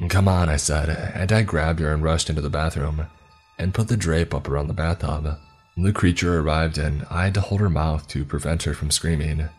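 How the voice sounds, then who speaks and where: A man narrating a horror story in first person, in a steady, grave tone. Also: a bass voice, husky.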